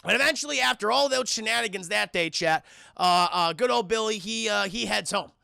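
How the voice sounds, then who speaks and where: A man's voice: high-pitched, fairly quick, creaky, sharp tone, no room sound, clean studio sound. A young man streaming a film review in casual chat, rambling and profane, and often talking to his chat.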